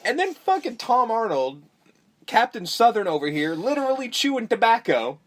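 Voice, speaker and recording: A man's voice: extremely high pitch, big pitch swings, moderate pace. A young man hosting a podcast, recapping a movie in a rambling, profane, offhand way. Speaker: podcast host. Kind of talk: casual movie recap chat.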